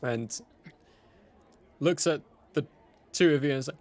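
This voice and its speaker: A man's voice: on the high side, unhurried, long pauses, a little mellow. A man narrating as game master of a tabletop game, in a playful, easy way.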